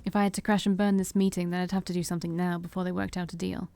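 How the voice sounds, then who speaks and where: A woman streamer reading a visual novel aloud in steady narration, with small stumbles. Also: lowish voice, rapid-fire, vocal fry. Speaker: let's-play streamer.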